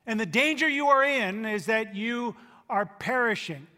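A man preaching a sermon as a pastor, emphatic, swinging between loud and hushed. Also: extremely high pitch, expressive, a little slow. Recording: long reverb of a large hall.

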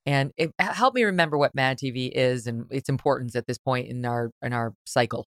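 A woman's voice: very deep voice, brisk, no room sound, studio quality. A woman hosting a talk show, asking long chatty questions and laughing easily with her guest. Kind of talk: conversational interview.

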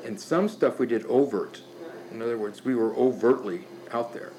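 An older man telling stories in casual talk, animated and profane, often restarting his sentences. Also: mid-range voice, moderate pace, poor audio. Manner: animated, profane, laughing storyteller with many restarts. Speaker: guest storyteller.

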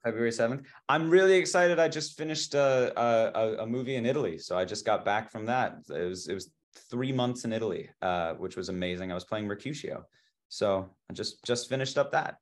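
A man, an actor guest on a podcast, chatting casually with many restarts and small laughs. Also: medium pitch. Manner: halting, lots of restarts and laughs. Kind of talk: casual interview chat.

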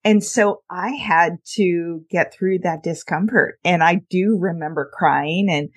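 A woman's voice: fairly low pitch, measured pace. A middle-aged woman hosting a podcast, speaking candidly, telling personal stories and laughing often. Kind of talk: casual conversational interview.

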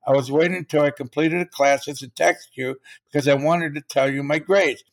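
A man's voice: on the high side, fairly even intonation, moderate pace. An older man, a motivational speaker, telling a story in an interview and acting out the quotes.

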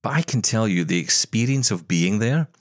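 Very deep-voiced chatty man. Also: lively intonation, moderate pace, dry recording, studio quality. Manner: chatty, storytelling, jokey asides. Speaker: podcast co-host. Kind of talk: casual chat.

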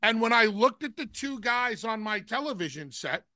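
A man co-hosting a wrestling talk show, who talks deliberately and slows down to spell out his points. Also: extremely high pitch, lively intonation, bright, forceful tone, no echo, studio quality. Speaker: podcast co-host, wrestling analyst.

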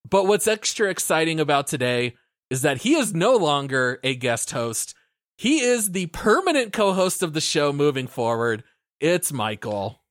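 A man's voice: fairly high pitch, sing-song, moderate pace, dry recording, clean studio sound. Upbeat man hosting a podcast. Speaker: podcast host. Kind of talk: scripted podcast intro and casual chat.

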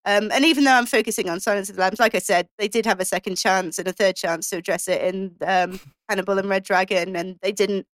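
A woman discussing films in casual chat, halting often with ums and restarts. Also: mid-range voice, fairly even intonation, dry recording. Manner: hesitant, many ums and restarts.

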